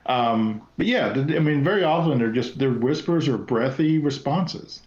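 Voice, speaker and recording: A man's voice: medium pitch, lively intonation, normal speed, a little mellow, echoey room, lo-fi sound. A man, a paranormal investigator, chatting as a podcast guest and telling investigation stories with many restarts. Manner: storytelling, rambling with restarts. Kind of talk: casual podcast chat.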